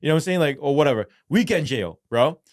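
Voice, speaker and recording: Profane, animated man telling his story. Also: on the high side, fast talker, no room sound, clean studio sound. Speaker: guest, former police sergeant. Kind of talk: storytelling interview.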